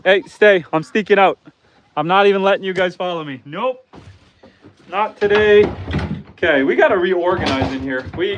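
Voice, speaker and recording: A homesteader hosts a casual outdoor live stream on his farm, chatting with viewers, reading comments aloud, and calling to his animals. His voice is high, and the sound is lo-fi with slight background noise.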